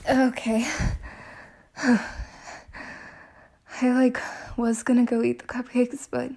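Soft husky girl voice, whispered role-play, slow and giggly, stumbles over her words. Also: fairly high pitch, little pitch movement. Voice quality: breathy.

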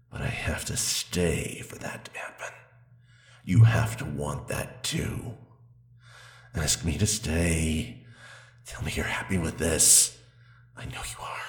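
A man voicing a seductive male demon spirit who has taken over a man's body, speaking in a slow, low, intimate murmur for an adult audio role-play. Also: echoey room, full character voice.

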